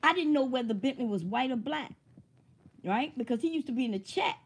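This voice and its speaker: Husky woman on her livestream, a bit high-pitched, just chatting loose and cussing. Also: lively intonation, fairly quick. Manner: chatty, laughs often, swears freely. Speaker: livestream host. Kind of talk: casual livestream chat.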